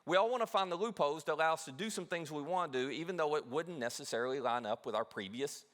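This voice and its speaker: A man pastor preaching a sermon in a church, animated, acting out quoted voices. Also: fairly high pitch, quick pace. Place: church auditorium. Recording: long hall reverb.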